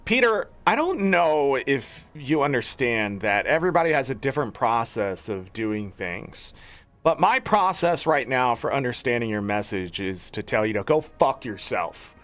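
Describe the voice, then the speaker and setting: A man's voice: mid-range voice, sing-song, normal speed, fairly bright tone, soft background music. A young man streaming a video game, swearing and ranting in an exasperated way while he plays. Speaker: gaming streamer. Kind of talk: casual gameplay commentary.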